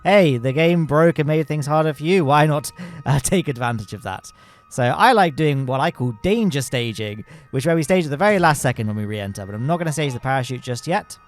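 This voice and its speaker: A man's voice: fairly high pitch, expressive, fairly quick, soft background music. A man in his thirties giving casual, wry let's-play commentary, explaining as he plays. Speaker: gaming YouTuber.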